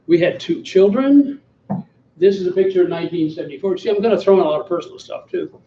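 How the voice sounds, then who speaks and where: A fast-talking guest speaker, a man in his seventies from Alabama, delivers an after-dinner slide talk with self-deprecating wit in a banquet hall. His voice is high, expressive, and dark in tone. The audio is muffled and distant in an echoey hall, with some hiss or hum.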